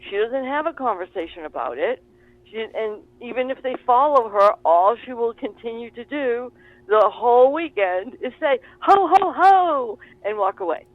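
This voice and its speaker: Animated woman on a tinny phone line. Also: fairly high pitch, normal speed, dry recording. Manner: animated, laughing storyteller. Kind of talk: casual conversation on a call.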